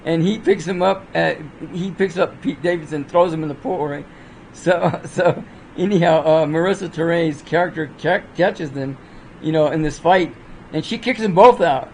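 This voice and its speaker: A man with a fairly high voice talks through a movie review in a loose, rambling way. He stumbles, restarts and keeps coming back to "so anyhow". A faint background hum sits under his voice. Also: normal speed, rough recording. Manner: rambling, lots of fillers and restarts, acts out quotes. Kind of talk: casual spoken review.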